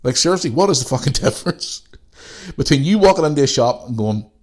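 A man's voice: mid-range voice, lively intonation, quick pace. A man, who has a cold, ranting casually and swearing freely as the solo host of his podcast. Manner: ranting, sweary, loose and rambling.

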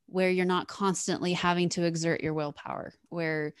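A woman's voice: on the low side, flat delivery, normal speed, clean tone, no room sound, studio quality. A woman hosting a podcast, talking about her own experience in a casual, earnest way, with lots of repeated words. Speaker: podcast host.

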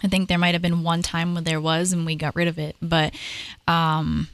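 A woman, likely in her thirties, telling paranormal stories in a casual, animated conversation, talking in quick bursts with fillers. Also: on the low side, no echo. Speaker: paranormal investigator, guest.

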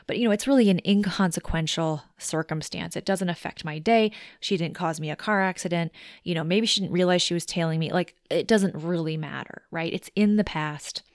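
A woman's voice: on the low side, brisk, no echo, studio quality. A woman hosting a solo self-help podcast. She talks in a conversational, reflective way and explains things step by step. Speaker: podcast host.

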